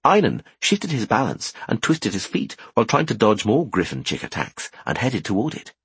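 Male audiobook narrator, low and breathy, very lively delivery. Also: moderate pace, no room sound. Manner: expressive, animated. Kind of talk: scripted fantasy narration.

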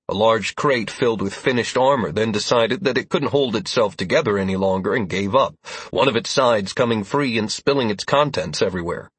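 A man narrating a first-person fantasy audiobook in a measured, even storytelling manner, with a husky voice. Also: lowish voice, no room sound.

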